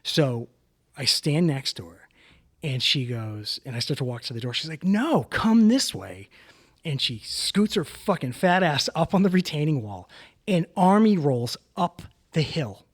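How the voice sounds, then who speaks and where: A man's voice: a little high, lively intonation, moderate pace. Swearing, rambling male podcast storyteller. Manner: swears freely, rambling with fillers and restarts; acts out other people's lines in a raised voice. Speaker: podcast co-host. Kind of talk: casual storytelling chat.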